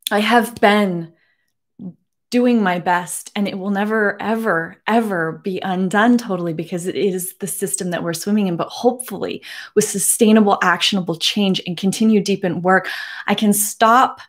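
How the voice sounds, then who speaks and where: A woman in her forties speaking earnestly to camera from her home, emotional and holding back tears, with many halting restarts. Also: medium pitch. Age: 40s. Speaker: beauty vlogger. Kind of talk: personal address to camera.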